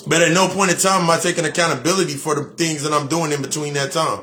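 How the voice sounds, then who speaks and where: Blunt, preachy man speaking fairly high. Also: steady tone, quick pace, few pauses, bright, forceful tone. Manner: preachy, repetitive, blunt with profanity. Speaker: spiritual speaker. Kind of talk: motivational monologue.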